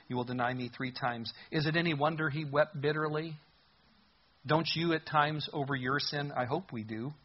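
A man preaching a sermon as pastor, expressive, rising loud for emphasis and dropping soft. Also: mid-range voice, breathy edge, lo-fi sound.

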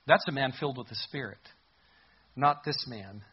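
A man preaching a sermon as pastor, expressive, rising loud for emphasis and dropping soft. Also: mid-range voice, normal speed, slightly rough, lo-fi sound.

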